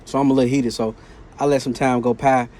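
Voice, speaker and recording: Mellow-voiced man telling a story casually. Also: mid-range voice, fast talker. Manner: animated, slangy retelling of a work conflict. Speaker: vlogger.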